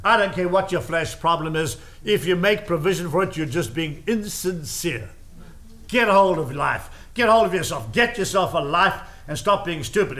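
Preacher guy, kinda high voice, hammering points with repeats, chatty asides. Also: bright, forceful tone. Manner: emphatic, repetitive preaching cadence with asides. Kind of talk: sermon.

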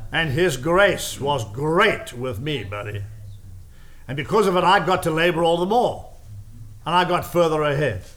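A man's voice: on the high side, normal speed, a bit bright. A man preaching a sermon, driving his points home with repeated phrases and casual asides. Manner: emphatic, repetitive preaching cadence with asides.

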